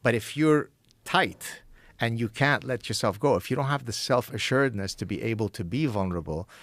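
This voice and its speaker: A middle-aged man, a professor and podcast guest, telling a story in animated, frank conversation with quick self-corrections. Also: mid-range voice, no room sound.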